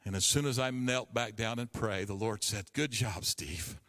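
A man's voice: on the low side, fairly even intonation, normal speed, fairly bright tone, in a large hall. A pastor in his fifties tells a personal story during a sermon, earnestly acting out the voices in it. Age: 50s.

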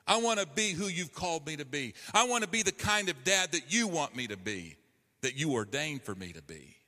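A man's voice: fairly high pitch, very animated, fairly quick, sharp tone, long reverb tail. A man preaching a sermon to a congregation, emphatic and earnest, calling for responses. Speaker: pastor.

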